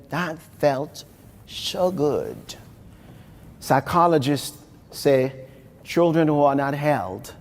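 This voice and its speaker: A middle-aged man from Haiti with a Haitian accent, delivering a motivational keynote speech. He tells stories, repeats phrases for emphasis and speaks straight to the audience. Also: a little high. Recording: live recording in a reverberant hall.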